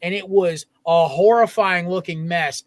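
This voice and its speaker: Young male co-host, high voice, dry close sound, lively storyteller. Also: a little slow, no echo. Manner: animated storyteller. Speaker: podcast co-host. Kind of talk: casual sports podcast banter.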